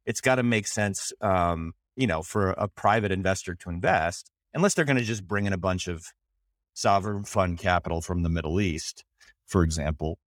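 A man's voice: low-pitched, moderate pace, no room sound, studio quality. Joking casual male podcast host. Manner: loose and joking, swears, many fillers. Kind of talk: casual chat.

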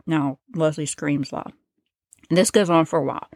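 Speaking at a normal speed in a low, creaky voice, a female podcast host narrates true crime conversationally and explains what she quotes from a transcript. The sound is intimate and dry, without echo.

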